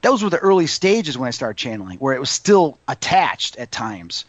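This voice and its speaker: A man's voice: moderate pace, no room sound, dull audio. A man, a psychic medium, chatting in an interview and acting out the voices in his stories. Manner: animated storyteller, acts out quotes in a higher voice. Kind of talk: casual interview chat.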